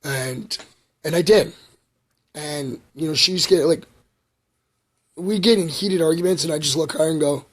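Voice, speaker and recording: A man's voice: fairly high pitch, a little slow, pauses often. A middle-aged man, rambling and confessional in a casual livestream chat, full of fillers and asides to his viewers. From Canada. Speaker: vlogger.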